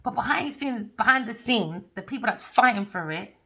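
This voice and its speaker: A woman's voice: on the high side, expressive, a little fast, pushed and bright, husky, rough recording. A tarot reader woman ranting in a heated, casual, profane way.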